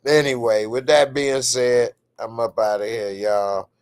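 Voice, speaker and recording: An American man hosting a late-night live stream, chatting with viewers in a relaxed, drawling way and laughing often. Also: medium pitch, unhurried, clean tone. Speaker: streamer host.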